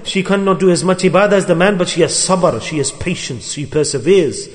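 A man's voice: sits high, fairly quick, long reverb tail. A man preaching a sermon to his brothers, telling stories and acting out the quoted voices of the people in them. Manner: storytelling, acts out quoted speech.

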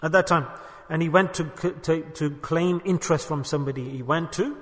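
At a mosque gathering, a man preaches an impassioned sermon, pressing his listeners with rhetorical questions. His voice is on the high side, a little fast and a bit bright, echoing in a reverberant hall.

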